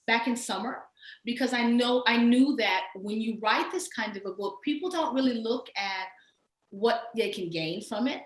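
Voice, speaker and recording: A woman's voice: fairly high pitch, reverberant, low-quality recording. A woman from Texas with a Southern accent, an author talking about her book in a casual conversation. She speaks emphatically and laughs easily. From Texas, USA. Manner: lively, emphatic, quick to laugh.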